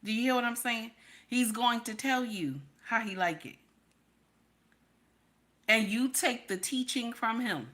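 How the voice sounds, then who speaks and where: Blunt, bright-voiced woman preaching to her chat. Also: on the high side, unhurried, pauses often. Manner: bold, preachy, repeats herself for emphasis; talks to her chat and reads names. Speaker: livestream host advising women. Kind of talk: blunt unscripted live chat.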